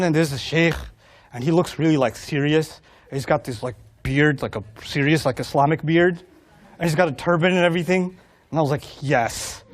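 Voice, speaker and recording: A middle-aged man with a notably high voice, telling a funny personal story to an audience. His delivery is animated and self-mocking, and he keeps slipping into other people's voices as he goes. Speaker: Islamic speaker. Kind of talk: humorous storytelling talk.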